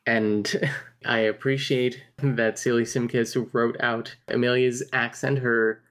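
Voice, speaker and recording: Low-voiced woman chatting about a book. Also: level tone, slow pace. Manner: frank, swears casually, laughs often. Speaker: podcast co-host. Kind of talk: casual book-club chat.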